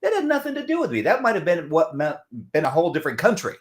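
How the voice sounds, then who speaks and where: A man's voice: fairly high pitch, racing. A middle-aged man from Southern California, talking as a guest in a casual conversation, telling stories and acting out other people's voices. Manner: animated storyteller who acts out others in voices.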